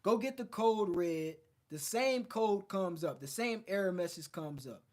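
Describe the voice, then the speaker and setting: A man's voice: high voice, lively intonation, measured pace. A man coaching other men in a casual motivational livestream talk, blunt and profane as he tells stories from his own week. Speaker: men's self-improvement coach.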